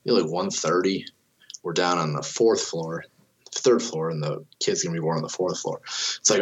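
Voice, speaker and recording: A young man spins a long, casual story, swearing often, leaning on "like" as filler and acting out what people said. His low voice is slightly rough, at normal speed, and the audio sounds dull.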